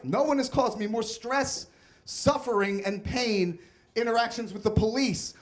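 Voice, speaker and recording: A man's voice: extremely high pitch, unhurried. A young man telling a comic, self-mocking personal story on stage at a live storytelling event.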